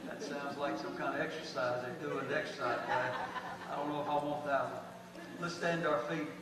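Preacher man, folksy and emphatic, somewhat high, caught from far off in a noisy echoing sanctuary. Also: fairly even intonation, fairly quick. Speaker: pastor. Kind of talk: sermon. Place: church sanctuary. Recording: echoey hall from far off, noisy.

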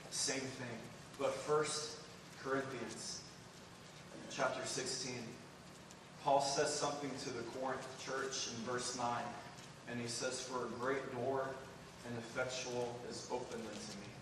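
A man preaching a sermon and telling a mission story, speaking earnestly and building to excited emphasis as he addresses the church. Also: mid-range voice, measured pace, background noise. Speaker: preacher sharing a mission report. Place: church sanctuary. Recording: echoey hall, distant mic.

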